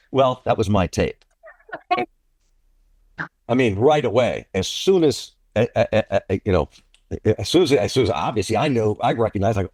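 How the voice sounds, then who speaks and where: A man who is a baseball play-by-play broadcaster, telling a long story in an interview, animated and often repeating himself. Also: lowish voice, moderate pace, long pauses, slightly rough, no echo, studio quality. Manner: animated, repeats and restarts phrases.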